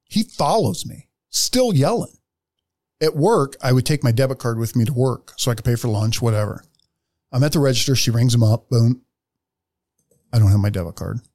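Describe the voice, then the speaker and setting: A man's voice: medium pitch, animated, normal speed, darkish tone, no echo, clean studio sound. A man telling a story in casual podcast chat, blunt and profane, acting out the other people in it. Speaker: podcast co-host.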